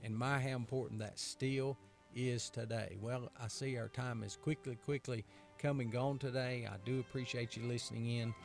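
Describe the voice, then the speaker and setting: A man's voice: mid-range voice, steady tone, normal speed, creaky, faint music behind. A man from North Carolina with a Southern American accent, a pastor hosting a radio talk in a folksy way, repeating phrases and asking rhetorical questions.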